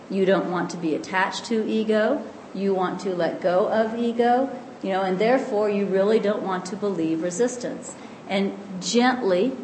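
Gentle woman teaching in an echoey room. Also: mid-range voice. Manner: calm, gentle and explanatory, often slows for emphasis. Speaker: spiritual teacher. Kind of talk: spiritual teaching talk. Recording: echoey room with faint background noise.

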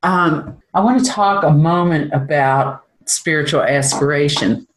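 A spiritual teacher talks loosely and candidly from a room at home. The tone is self-deprecating, with frequent laughter, and the pitch sits in a middling range. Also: unhurried, low-quality recording. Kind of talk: informal spiritual talk.

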